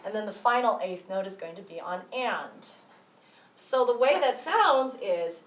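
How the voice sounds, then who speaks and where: A woman's voice: mid-range voice, animated, unhurried. A woman teaching a music rhythm lesson, explaining step by step and counting beats aloud. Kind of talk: rhythm tutorial. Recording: roomy echo, voice from some distance.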